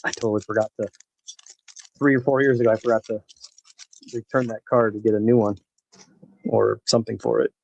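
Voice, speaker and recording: During a live baseball card break, a man opens packs while casually rambling and addressing viewers by name. His medium-pitched voice, gravelly, husky and a little mellow, moves briskly with fairly even intonation and frequent pauses. Audio quality is poor.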